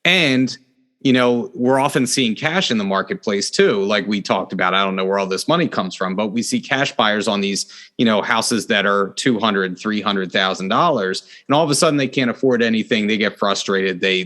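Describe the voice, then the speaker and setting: A middle-aged man hosting a real estate podcast in casual interview chat, earnest, and he jumps up in pitch to stress a point. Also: normal speed, sharp tone.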